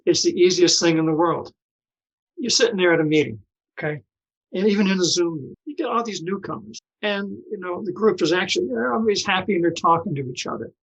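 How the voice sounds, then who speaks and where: Older man, from new jersey, fairly high voice, halting, repeats words, conversational storytelling. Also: vocal fry, a bit bright, poor audio. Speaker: guest. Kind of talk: personal recovery story.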